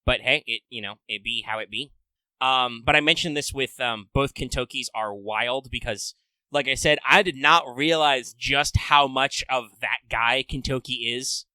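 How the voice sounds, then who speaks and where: Animated bright-voiced man on a podcast. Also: medium pitch, moderate pace, clean tone, no echo. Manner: animated, swears, acts out character lines. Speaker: podcast co-host. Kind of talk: casual gaming podcast chat.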